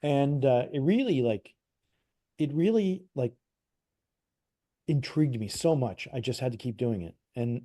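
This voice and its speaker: Warm-voiced man telling a story. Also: mid-range voice, a little slow, long pauses. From Canada. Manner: animated retelling, acts out quoted dialogue, frequent "like" and restarts. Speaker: interview guest, psychic medium. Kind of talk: casual storytelling.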